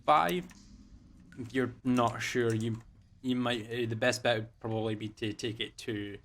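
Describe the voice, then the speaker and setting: A man's voice: medium pitch, steady tone, measured pace, a bit bright. Laid-back man running a tabletop game. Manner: loose, filler-heavy narration. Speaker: game master. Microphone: voice call.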